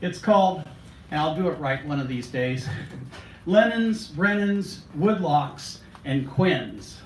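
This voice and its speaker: A man performs a rhyming poem at a cafe open mic, with a warm storytelling manner. His voice is fairly high and very animated. He sounds distant and the small room adds a strong echo. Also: slow pace, a little hiss or hum. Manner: genial, storytelling, animated pitch.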